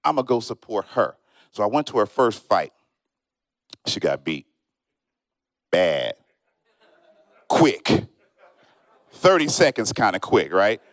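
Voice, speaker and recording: A man doing a stand-up comedy set on stage, telling stories in an animated way and acting out the people in them. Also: lowish voice, slow pace, pauses often, dry recording. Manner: animated storytelling, acts out friends and strangers in quoted voices. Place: comedy show stage, live audience.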